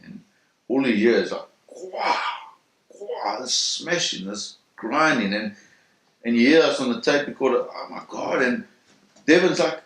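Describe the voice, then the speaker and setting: A man in an interview telling a first-hand story in a vivid, animated way, acting out the sounds and voices. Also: mid-range voice, moderate pace. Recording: roomy echo.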